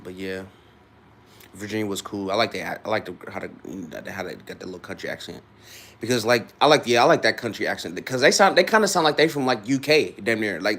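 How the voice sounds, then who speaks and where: A man's voice: lowish voice, a bit bright. A young man in his twenties from Ohio, rambling casually to his live-stream viewers with loose restarts. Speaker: livestreamer.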